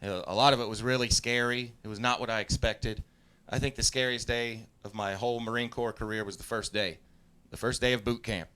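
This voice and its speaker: A man in his forties from Southeast Texas works a live comedy crowd, his voice bright and forceful. He tells stories in an easy, laid-back way, chuckling at his own lines and sometimes shouting out loud impressions. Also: medium pitch, steady tone, brisk, few pauses, smooth. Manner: laid-back storytelling, laughing at his own jokes, loud put-on yells. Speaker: stand-up comedian.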